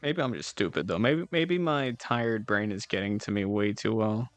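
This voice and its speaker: A man streams and chats casually with his viewers and live chat, rambling in a laid-back way, swearing now and then and giggling often. His voice is fairly low, at a normal speed with hardly any pauses. The recording has no echo, the highs are cut off, and soft music plays in the background.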